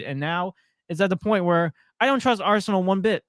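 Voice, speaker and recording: A man co-hosting a podcast, talking quickly in a teasing, casual way about sports and laughing often. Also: high-pitched, clean tone, dry recording, studio quality. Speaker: podcast co-host.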